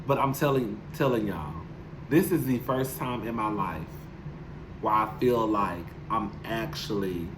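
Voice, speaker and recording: A man with a lowish voice speaks at a measured pace in a profane, casual vlog, opening up emotionally to his viewers from his home apartment. The YouTube commentator's audio carries background noise and an echo from the room.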